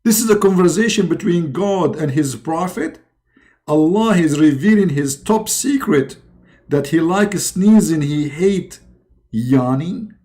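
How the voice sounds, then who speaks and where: Sarcastic man with a lively voice. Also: on the high side, measured pace. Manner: sarcastic, in broken English. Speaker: host. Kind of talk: mocking religious commentary.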